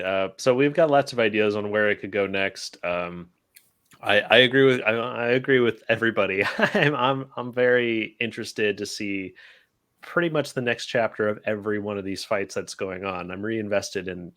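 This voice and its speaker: A man hosts a casual podcast chat, rambling along with plenty of fillers and restarts. His voice is on the low side with a fairly bright tone, at normal speed.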